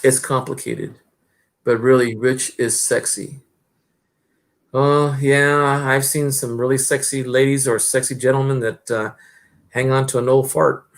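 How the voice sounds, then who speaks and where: Rambling gravelly-voiced man. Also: medium pitch, level tone, unhurried. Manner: rambling, hesitant, many fillers and restarts. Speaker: stream host. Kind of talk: casual chat.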